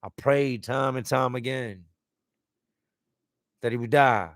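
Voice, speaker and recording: A man's voice: medium pitch, takes it slowly, no room sound, clean studio sound. A man hosting a live stream, reading out viewer comments and talking candidly and emotionally. He speaks casually and bluntly, swearing at times and repeating words as he searches for them.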